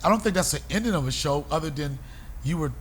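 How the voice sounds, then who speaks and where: A man hosting a comedy podcast, telling stories in an animated, profane way and acting out other people's voices. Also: on the high side, fast, slight background noise. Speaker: podcast host. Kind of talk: comedic storytelling.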